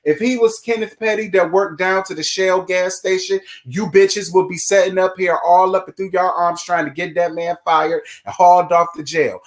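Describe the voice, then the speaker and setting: A sassy man with a fairly high voice runs a casual live stream. He greets his viewers one by one and gives blunt commentary laced with swearing. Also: steady tone, moderate pace, hardly any pauses. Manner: greets chat viewers by name.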